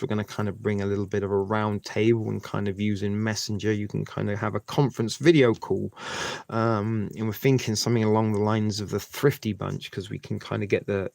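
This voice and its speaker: A man's voice: lowish voice, creaky, darkish tone, no room sound. A man hosting a live stream, talking to his viewers in a rambling, chatty way. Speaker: livestream host. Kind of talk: casual live-stream chat.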